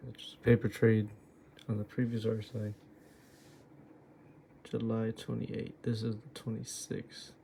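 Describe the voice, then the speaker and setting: Slow, gravelly low-voiced man muttering. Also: darkish tone, slight background noise. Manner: exasperated, swearing at himself, thinking aloud. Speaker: trader reviewing his trades. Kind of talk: muttering self-critical screen review.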